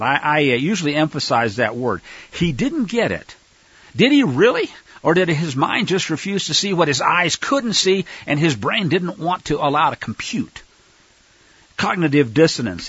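Animated, husky male Bible teacher. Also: on the high side, moderate pace, no room sound, highs cut off. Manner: animated, voices the characters, many fillers. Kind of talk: Torah teaching with dramatized readings.

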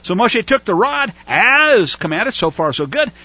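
A man teaching scripture in a casual, animated way, his pitch leaping high and swooping back down. His voice is bright and a little husky. The recording sounds dull and lo-fi. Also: measured pace, no echo. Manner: animated, acts out whining voices. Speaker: Torah teacher. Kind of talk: casual Bible study teaching.

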